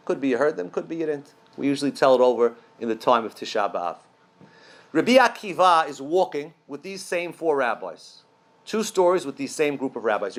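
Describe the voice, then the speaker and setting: Man, high voice, lively storyteller addressing a room with rhetorical questions. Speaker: speaker at a Passover event. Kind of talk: storytelling speech to a live audience. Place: room with an audience.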